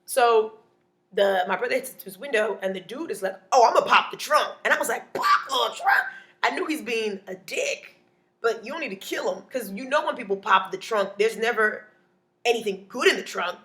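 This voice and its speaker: Speaking at normal speed in a higher voice, a female comedian tells a stand-up story with playful energy, acting out the voices of the people in it.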